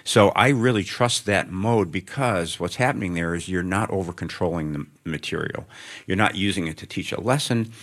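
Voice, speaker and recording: With a low-pitched, fairly bright voice and a moderate pace, a middle-aged male author meanders thoughtfully and self-deprecatingly through an onstage interview held for students.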